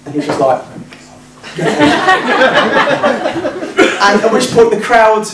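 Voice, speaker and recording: A man telling a true story live to an audience, self-mocking and animated, laughing at himself. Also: extremely high pitch, extremely slow, very noisy. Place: working men's club stage. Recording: echoey club from far off, crowd.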